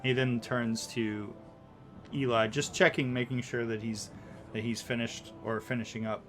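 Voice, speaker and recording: A man narrating as game master in a relaxed, rambling way. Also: medium pitch, moderate pace, soft background music.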